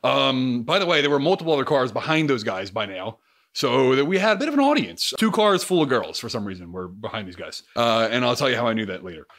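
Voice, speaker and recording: A young man recounting a story for his channel, with a bright, forceful voice that swings widely in pitch. He talks with restless energy and heavy swearing, jumping between mumbled asides and loud bursts. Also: big pitch swings, quick pace. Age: young adult. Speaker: YouTuber. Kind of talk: storytelling vlog.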